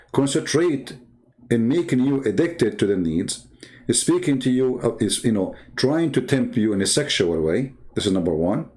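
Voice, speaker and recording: A man's voice: mid-range voice, gravelly, darkish tone. A man hosting a religious debate channel, talking in a combative, mocking way full of rhetorical questions, in non-native English. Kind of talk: heated polemical commentary.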